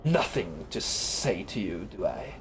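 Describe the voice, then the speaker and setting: A man voicing a huge, hostile reptilian fiend in a video game, with lines read low and slow and a rasping hiss. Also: big pitch swings. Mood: threatening. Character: hissing menacing male fiend, huge reptile.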